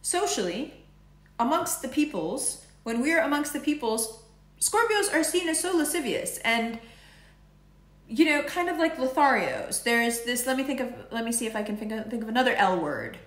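A woman's voice: on the high side, very animated, moderate pace, fairly bright tone. Chatty woman reading horoscopes, echoey room. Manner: playful, chatty, tangents and swearing. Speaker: astrology and tarot reader. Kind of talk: casual monthly horoscope reading.

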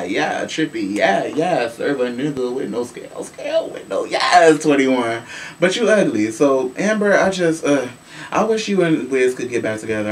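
Sassy gossiping man, distant mic. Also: medium pitch. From Chicago. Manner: sassy, animated, swears freely. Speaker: show host. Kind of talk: casual celebrity gossip commentary. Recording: voice from a distance with faint room noise.

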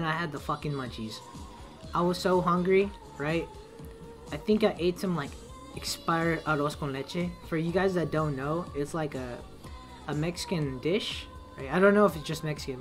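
Animated young man telling a story. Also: a little high. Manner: animated, swearing, acts out quotes in raised voice. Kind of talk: casual storytime vlog.

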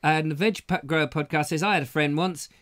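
A man's voice: a little high, steady tone, fast talker, a bit bright. Middle-aged male host, jokey rambling live-stream banter. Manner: jokey, rambling, reads viewer comments aloud. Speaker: host of a live online show. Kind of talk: casual live-stream chat.

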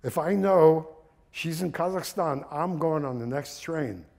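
A man voicing an eager, stubborn young husband who is excited to find his wife. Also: on the high side, measured pace, vocal fry.

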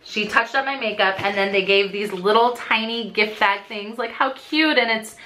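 A woman in her thirties chatting through a casual unboxing vlog, gushing and excitable, gasping often. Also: mid-range voice, moderate pace. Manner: gushing, excitable, frequent gasps. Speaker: beauty vlogger.

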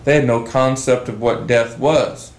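A man teaching a Bible study session, reading scripture aloud slowly and with emphasis. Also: medium pitch, steady tone, roomy sound, poor audio.

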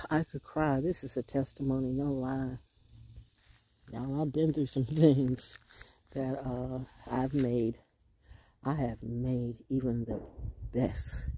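A middle-aged woman talking casually to her phone while walking alone outdoors, rambling from one thought to the next and dropping into soft hushed asides. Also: a bass voice, a little hiss or hum. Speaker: vlogger. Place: outdoors in nature.

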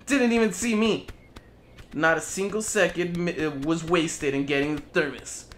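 A man's voice: fairly high pitch, moderate pace, fairly bright tone, a little hiss or hum. A man giving casual gameplay commentary, playful and taunting, swearing as he speaks in character as a goose. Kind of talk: casual let's play commentary.

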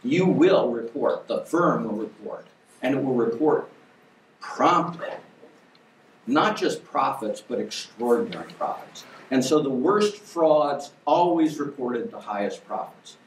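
An older man giving an academic lecture as a guest lecturer, emphatic and wry, with lively bursts of stress on key words. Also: mid-range voice, unhurried, a little hiss or hum. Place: lecture hall. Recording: echoey hall from far off.

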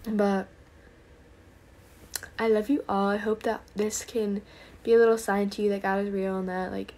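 A young woman with a medium-pitched, slightly mellow voice shares earnest faith stories on a late-night livestream, her pitch barely moving and her pace moderate. She sounds tired yet speaks in a breathless rush, whispering prayers as she gives this casual testimony.

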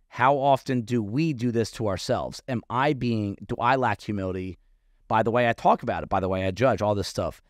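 A man in a mid-pitched voice talks through ideas on a podcast, circling back on himself with fillers and asking questions as he goes. The sound is dry and close, with no room around it. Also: lively intonation, moderate pace, no room sound. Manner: rambling, self-questioning, frequent fillers. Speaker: podcast co-host, fitness coach. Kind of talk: casual podcast chat.

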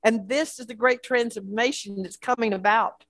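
A woman's voice: a little high, fairly even intonation, moderate pace, fairly bright tone, no room sound. A woman pastor preaching a sermon with a repetitive, building cadence.

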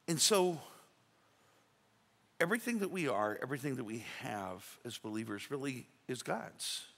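A man's voice: medium pitch, lively intonation, moderate pace, vocal fry, fairly bright tone, breathy edge. A male pastor preaching a sermon in a folksy, conversational way, acting out little quotes. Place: church sanctuary. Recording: reverberant church sanctuary.

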